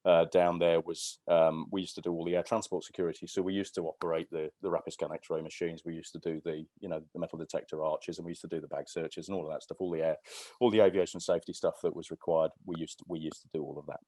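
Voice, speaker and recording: A man in his fifties, appearing as a podcast guest, tells anecdotes in casual storytelling chat, rambling with many restarts and fillers. His voice is low and mellow, his tone level and his pace fast, in a dry recording.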